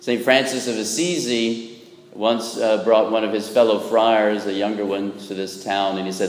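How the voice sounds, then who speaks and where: With a lowish voice and flat delivery, a Catholic priest preaches at a moderate pace. His sermon is humorous and folksy, often checking in with "right?", and the church recording carries a long, echoey reverb.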